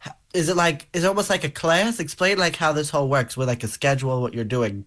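A man's voice: a little high, fast talker, a bit bright. A man interviewing, asking tentative, searching questions.

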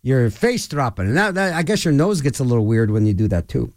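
A man's voice: mid-range voice, fairly quick. A man hosting a local radio show, talking in a rambling, digressive way. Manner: rambling, digressive, animated storyteller. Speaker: radio host. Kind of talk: rambling casual radio talk.

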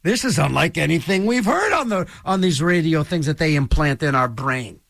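A man's voice: fairly high pitch, very animated, normal speed, gravelly, fairly bright tone, dry recording, studio quality, heavily acted. A man doing an amazed post-apocalyptic survivor. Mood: incredulous. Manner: incredulous, exclaiming.

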